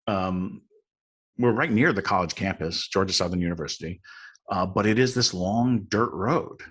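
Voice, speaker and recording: A man who is a podcast guest, telling a story in a lively, dramatic and self-mocking way. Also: low voice, moderate pace, husky. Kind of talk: animated storytelling in a chat.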